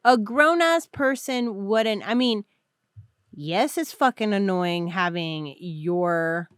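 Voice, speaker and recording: A woman co-hosting a podcast, chatting casually with quick reactive interjections. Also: medium pitch, animated, smooth, no echo, studio quality. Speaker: podcast co-host. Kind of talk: casual chat.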